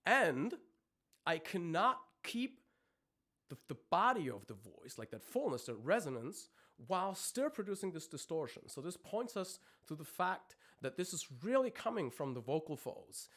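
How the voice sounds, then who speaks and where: A little high and fairly bright, this man's voice swings widely in pitch at a moderate pace. He is a vocal coach explaining technique in a live-streamed lesson, with many ums and restarts, breaking off to demonstrate screams.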